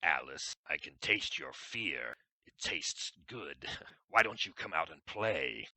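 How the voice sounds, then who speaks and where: A man voicing a taunting male slasher killer in a screenplay reading, slow, mocking and menacing. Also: extremely low pitch, sing-song, creaky, pushed and bright, dry recording, pitched below the performer's own voice, exaggerated voice.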